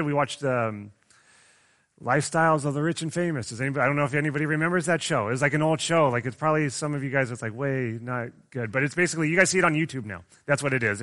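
A man's voice: a little high, fairly bright tone. Conversational young male preacher. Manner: conversational, often asks the audience questions; restarts and stumbles often, says "like" a lot. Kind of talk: sermon.

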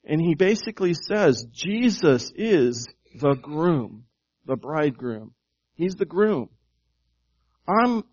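A man with a fairly high voice preaching a sermon in a friendly, conversational manner. He keeps asking his listeners questions and often restarts his phrases. The recording sounds dull and lo-fi. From United States. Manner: conversational preaching, asks the congregation questions, repeats words. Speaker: pastor.

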